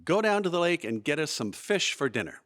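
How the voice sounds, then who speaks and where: A man's voice: on the high side, big pitch swings, brisk, a bit bright, pitched above the performer's own voice. A man putting on a hearty, upbeat scoutmaster who barks cheerful orders in a live story.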